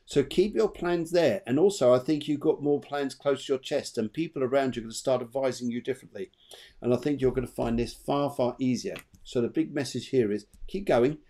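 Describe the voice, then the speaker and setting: A man gives a live psychic reading over a video call. His pitch swings widely, and he rambles warmly and chattily, often repeating his words. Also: moderate pace. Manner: animated, chatty, trails off and repeats himself. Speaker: medium and co-host.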